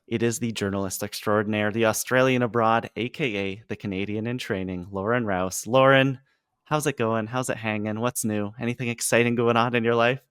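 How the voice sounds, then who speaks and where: A man's voice: on the low side, steady tone, brisk, a bit bright, smooth, dry recording. Dry-sounding male podcast host. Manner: upbeat, playful introductions. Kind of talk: casual podcast chat.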